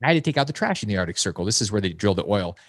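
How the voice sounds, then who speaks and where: A man in his forties speaking at a rapid clip in a fairly low voice, close and dry on the mic. He talks bluntly as a podcast guest, punching his points with sudden high, mocking quoted voices. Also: very animated, no room sound. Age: 40s. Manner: emphatic, swings into loud mocking quotes. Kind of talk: fast, blunt podcast talk.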